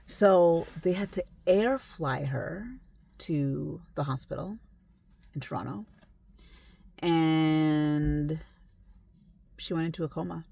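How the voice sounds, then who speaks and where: A woman's voice: deep voice, takes it slowly, gravelly, pauses often. A young adult woman telling a story in a casual, emphatic, conversational way. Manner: conversational, emphatic, sometimes hushed. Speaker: esthetician telling a client's story.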